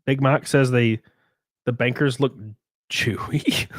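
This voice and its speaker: A man's voice: mid-range voice, fairly even intonation, takes it slowly, no echo. A man with a Southern US accent chatting casually on a live stream, reading chat aloud, swearing freely and laughing often.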